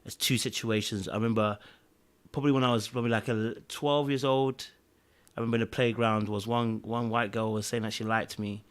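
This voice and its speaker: Animated man telling a story. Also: mid-range voice, a little fast. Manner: animated storytelling, acts out quotes, fills with "da, da, da". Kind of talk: casual podcast chat.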